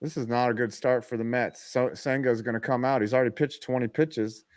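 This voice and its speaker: A man's voice: mid-range voice, steady tone, a little fast, a little mellow, no room sound, clean studio sound. A man hosting a casual live sports call, giving play-by-play in a joking, profane way. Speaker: host and play-by-play caller.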